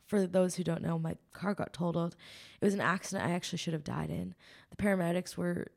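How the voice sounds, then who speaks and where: A woman's voice: on the low side, steady tone, fast talker, vocal fry. A woman guest on a podcast, telling an earnest, emotional faith testimony with lots of ums and likes. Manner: rambling, with many ums and likes.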